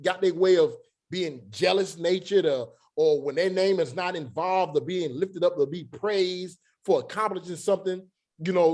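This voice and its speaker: A man teaching a Bible study in a relaxed, conversational way, with joking asides and slow, drawn-out emphasis. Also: high voice. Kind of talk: casual scripture teaching.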